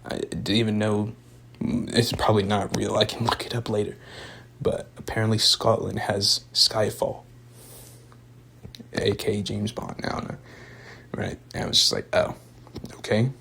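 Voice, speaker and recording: A man's voice: fairly low pitch, little pitch movement, moderate pace, creaky, pauses often, pushed and bright, slight background noise. A young man casually recapping a movie in a rambling, laid-back way, full of fillers like "like" and "um". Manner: laid-back, chuckles now and then. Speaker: movie reviewer. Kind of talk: casual spoken movie review.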